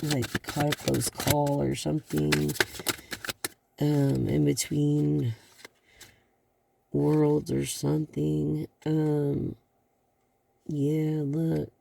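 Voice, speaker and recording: Slow rambly tarot reader, lots of ums and sighs, gravelly and mellow. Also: mid-range voice, level tone, slight background noise. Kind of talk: tarot card reading to a viewer.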